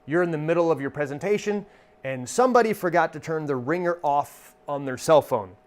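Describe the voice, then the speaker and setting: A stage entertainer and magician giving an instructional talk in a relaxed, conversational way, acting out comic one-liners as examples. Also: male voice, fairly high pitch, fairly quick.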